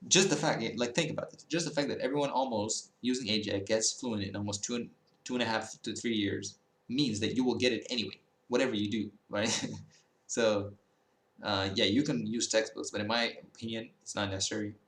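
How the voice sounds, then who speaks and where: A man's voice: fairly low pitch, steady tone, fairly quick, a bit bright, roomy sound. A young man giving blunt, rambling advice on learning a language in a casual vlog, full of fillers and restarts, swearing and laughing at times.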